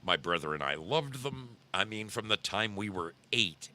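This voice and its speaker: A middle-aged man hosting a podcast, telling a story casually in a low voice, rambling and repeating himself for emphasis. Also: expressive, moderate pace, bright, forceful tone. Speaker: podcast host.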